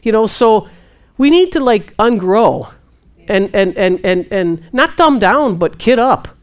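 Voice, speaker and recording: Animated woman preaching casually. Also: unhurried. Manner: animated, quotes God in hushed low voice. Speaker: Christian minister answering questions. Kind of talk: casual spiritual teaching.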